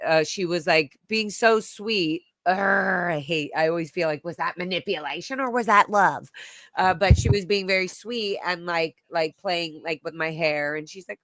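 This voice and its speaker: A woman's voice: lowish voice, moderate pace, a bit bright, no echo. A woman hosting a casual chat, telling a personal story with strong feeling and some swearing. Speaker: host.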